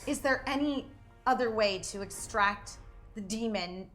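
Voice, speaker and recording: A woman's voice: fairly high pitch, unhurried, fairly bright tone, faint music behind. A woman playing a tabletop role-playing game, casual and laid-back, filling her talk with "like". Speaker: player.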